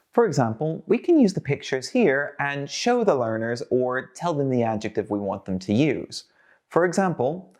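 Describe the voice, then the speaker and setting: In a scripted teaching video, a man acting as a teacher trainer models sentences for learners to repeat. He sounds energetic, and his voice sits in the mid-range.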